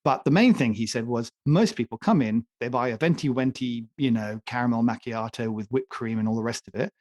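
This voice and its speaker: A man's voice: medium pitch, fairly quick, a little mellow, no room sound, studio quality. A man co-hosting a casual talk show, ranting emphatically and joking as he makes his case. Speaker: podcast co-host. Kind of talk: opinionated casual chat.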